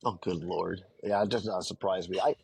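Gravelly, raspy man on talk radio. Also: deep voice, fairly even intonation, moderate pace, a little mellow, dry recording, poor audio. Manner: earnest, explanatory, many restarts. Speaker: radio show guest. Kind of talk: political talk radio discussion.

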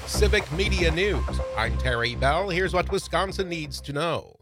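A man reading a scripted radio newscast in a measured, formal manner. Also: a little high, loud music behind the voice. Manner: measured, formal news delivery. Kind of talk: scripted news read. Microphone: studio microphone.

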